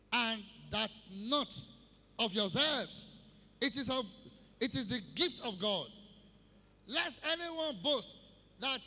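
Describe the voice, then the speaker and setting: A man preaching a Christmas sermon, slow and emphatic, repeating key phrases for the congregation. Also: extremely high pitch, sharp tone. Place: church service hall. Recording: long hall reverb.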